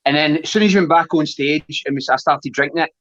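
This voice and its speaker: A man's voice: fairly high pitch, quick pace, a bit bright, muffled recording. A Scottish man chatting as a wrestling guest, blunt and sweary, laughing often. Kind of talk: casual chat.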